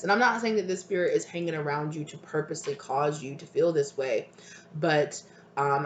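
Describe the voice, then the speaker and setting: A tarot reader doing an intuitive reading for viewers, talking tenderly and hesitantly and sometimes dropping to a breathy near-whisper. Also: medium pitch. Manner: soft, tender, hesitant, calls listeners "my love". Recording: roomy with faint ambient noise.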